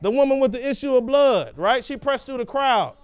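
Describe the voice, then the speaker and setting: A man's voice: very high voice, expressive, fairly quick, smooth, no echo. A man preaching a sermon, emphatic and conversational, often checking in with "right?" and restarting his phrases.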